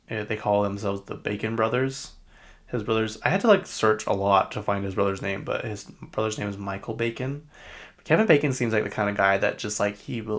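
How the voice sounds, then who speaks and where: A man with a Utah accent hosting a podcast, rambling through casual pop-culture chat. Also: on the low side. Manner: rambling and chatty, with frequent fillers. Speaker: podcast host.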